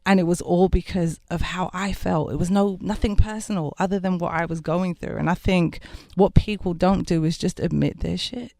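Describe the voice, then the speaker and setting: A woman's voice: on the low side, fairly even intonation, moderate pace, creaky, hardly any pauses, dry recording. A woman singer as a studio guest, talking openly and affirming others as she listens. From England. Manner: warm and open, affirming with "amen" and "mm-hmm". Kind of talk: candid interview talk.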